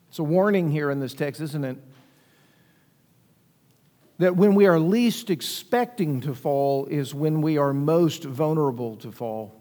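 A man with a notably high voice preaches a sermon, pressing his points with rhetorical questions and dramatized quotes. His voice carries a long reverb, as if filling a large hall. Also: moderate pace. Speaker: pastor.

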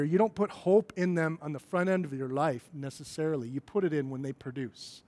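A man's voice: fairly high pitch, darkish tone. A man preaching a sermon as pastor, talking conversationally and then building to emphatic, rising points.

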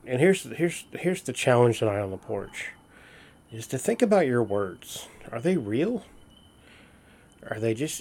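A man's voice: fairly low pitch, a little mellow. A man in casual, earnest storytelling, using folksy fillers and restarts as he reflects. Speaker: host of a reflective talk.

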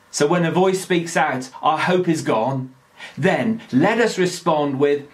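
Male pastor, daily devotional; unhurried, earnest delivery, slightly higher voice. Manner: slow, measured, earnest.

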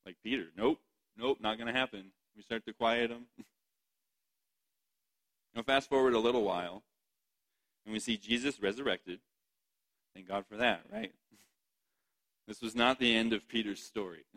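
Man, preacher, lowish pitch, bright forceful tone, chatty sermon delivery with laughs. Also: unhurried, long pauses, low-quality recording. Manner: chatty, laughs often, asks the audience "right?".

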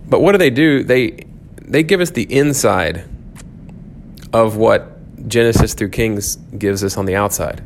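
A man's voice: on the low side, unhurried, vocal fry, a little hiss or hum. A man teaching a church class, thinking aloud with frequent restarts and fillers.

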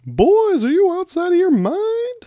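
A gruff football coach barks at his players in a strained, shrill yell pushed far above a normal speaking voice, as a man puts him on. The sound is dry and close, with no room around it. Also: huge pitch swings, measured pace, dry recording, exaggerated voice. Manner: barking, high-pitched shouting.

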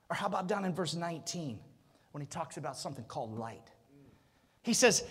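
High, lively preaching man in a hall. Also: brisk, husky. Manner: animated preaching with rhetorical questions and swells to a shout. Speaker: pastor. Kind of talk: sermon.

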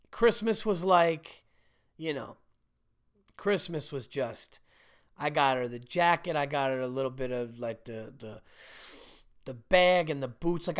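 A middle-aged man hosting a podcast, telling profane, self-mocking stories in a rambling casual monologue. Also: fairly high pitch. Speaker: podcast host.

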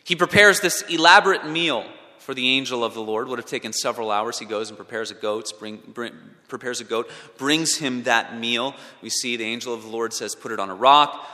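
A male preacher delivering a sermon, swinging from loud emphatic peaks to hushed low passages. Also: fairly quick, hardly any pauses. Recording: long reverb of a large hall.

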